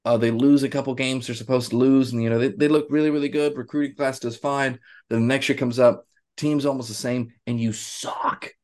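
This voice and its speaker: A man co-hosting a podcast, chatting casually about sports in a rambling, animated way with many restarts. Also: medium pitch, fairly quick. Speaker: podcast co-host.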